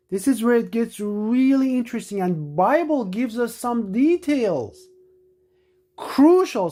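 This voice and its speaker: A woman teaching scripture in an emphatic way, reading verses aloud and slowing down to stress key words. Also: a little high, mellow. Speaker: religious teacher.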